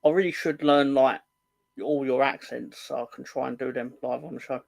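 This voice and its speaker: A man's voice: mid-range voice, steady tone, moderate pace, gravelly, a little mellow, dry recording. A man hosting a football fan livestream in casual chat, rambling and joking, often correcting himself mid-sentence. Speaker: host of a football fan show.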